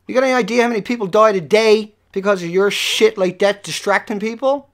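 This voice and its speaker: Profane ranting livestream host. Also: brisk. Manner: profane, confrontational, swings from low muttering to yelling. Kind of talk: angry rant at viewers.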